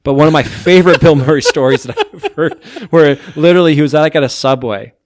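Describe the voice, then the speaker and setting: A man's voice: on the high side, very animated, fast talker, no echo, studio quality. A man hosting a podcast, chatting casually and rambling through a ranking of TV shows, with lots of "like". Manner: rambling, heavy use of "like". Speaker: podcast host.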